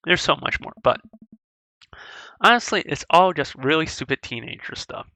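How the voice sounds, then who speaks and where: This is a hurt teenage girl from a video game, dejected and quick with sarcasm, read out by a woman. The voice is bright and a bit tense, close and dry with no room around it. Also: low-pitched, expressive, no room sound, full character voice.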